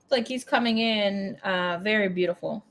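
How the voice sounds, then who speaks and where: A woman reads tarot cards in a loose, conversational way. She is blunt and chatty and swears freely. Her voice sits at an ordinary middle pitch. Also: normal speed. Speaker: tarot reader. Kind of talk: casual tarot reading.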